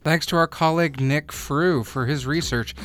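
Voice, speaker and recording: A man co-hosting a podcast, reading scripted narration and credits in a measured way. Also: on the high side, a bit bright. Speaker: podcast co-host.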